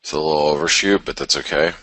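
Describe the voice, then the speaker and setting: Male webinar host, very deep and forceful, chatty and blunt, dry close mic. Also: quick pace, no echo. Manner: chatty, blunt, mutters to himself while working. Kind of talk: casual live market commentary.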